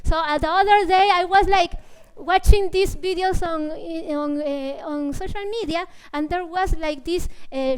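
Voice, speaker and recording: High-voiced woman with many "no?" tags. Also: poor audio. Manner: searching, full of fillers and restarts, tags "no?". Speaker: composer speaking at a public talk. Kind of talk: casual spoken talk, answering questions.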